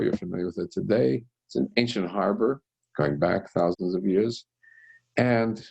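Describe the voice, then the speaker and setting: Rabbi guy teaching, gravelly husky voice, really lively up and down. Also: on the low side. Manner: animated storyteller, acts out the characters' lines. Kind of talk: text study lesson.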